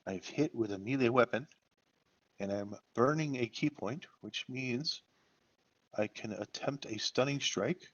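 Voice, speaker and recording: A man's voice: mid-range voice, measured pace. A man playing in an online tabletop game, playful and talking through his moves. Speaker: player. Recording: dull, lo-fi voice chat.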